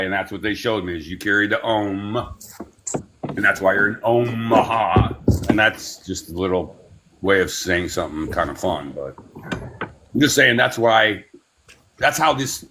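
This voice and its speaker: A man leading a spiritual class, talking in a meandering, unhurried way with many fillers and giving slow, soothing breathing cues. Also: on the low side, background noise. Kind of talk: guided breathing meditation class.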